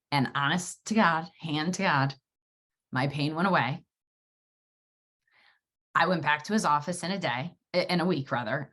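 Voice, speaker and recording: A woman hosting a solo podcast, telling a personal story in a lively, wordy way and swearing freely. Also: sits low. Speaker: podcast host.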